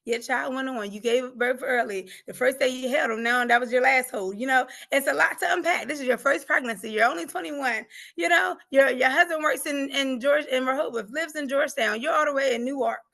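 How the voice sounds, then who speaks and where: High raspy-voiced woman giving heartfelt testimony. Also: brisk, few pauses, bright, forceful tone. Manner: earnest and emphatic, laughs through pain. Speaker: podcast guest, coach. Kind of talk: emotional personal testimony.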